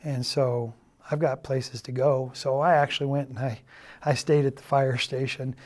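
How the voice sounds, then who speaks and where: A middle-aged man giving a halting, earnest confessional testimony, often dropping to a quiet, subdued tone. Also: mid-range voice, little pitch movement. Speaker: church member giving a personal testimony.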